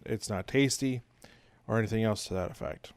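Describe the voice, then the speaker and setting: A man's voice: lowish voice, a little fast, dry recording. A middle-aged man casually talking through a home cooking video in a rambling, folksy way, recorded as a voice-over. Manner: rambling, folksy, with many uh fillers. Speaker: home cook.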